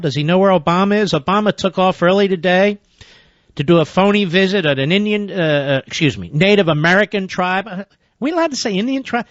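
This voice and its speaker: A fired-up male talk radio host with a fairly high voice, reading the news and then tearing into it with biting sarcasm. His indignant delivery sounds close and dry, with slightly muffled broadcast sound. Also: lively intonation, a little fast, a bit bright, no room sound.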